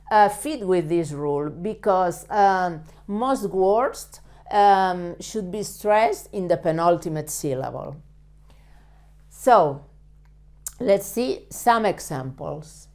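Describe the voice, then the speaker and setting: A woman whose first language is Spanish, teaching a step-by-step lesson in careful, halting English with frequent fillers and self-corrections. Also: medium pitch.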